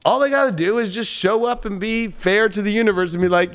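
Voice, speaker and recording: A man hosting a tarot reading in a casual, excitable and profane way. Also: high-pitched, brisk, hardly any pauses, clear, resonant tone. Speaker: tarot reader host.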